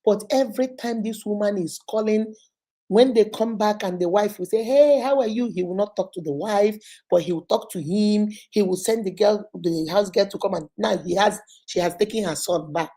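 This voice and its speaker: A woman's voice: medium pitch, moderate pace, warm tone. A woman hosting an advice show, retelling a viewer's story with dramatic quoted voices.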